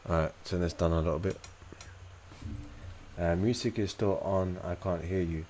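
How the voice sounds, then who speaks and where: A man's voice: deep voice, steady tone, normal speed, darkish tone, slight background noise. A man from Manchester with a Manchester accent, chatting casually and full of fillers while livestreaming a game. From Manchester, England. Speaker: streamer.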